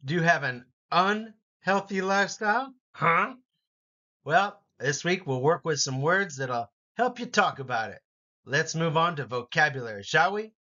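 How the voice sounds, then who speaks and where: A man teaching an English vocabulary lesson, saying each word slowly and clearly for learners to repeat. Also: on the high side, animated, bright, forceful tone, muffled recording. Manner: slow, deliberate word-by-word pronunciation.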